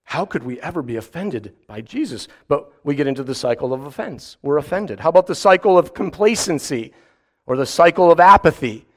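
A man preaching a sermon in an animated way, acting out mock voices and firing rhetorical questions. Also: fairly high pitch, fairly quick.

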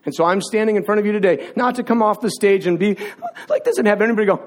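A male preacher with a notably high voice delivers an impassioned sermon. He speaks in a confessional tone and builds momentum through repeated phrases. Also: animated, fast talker.

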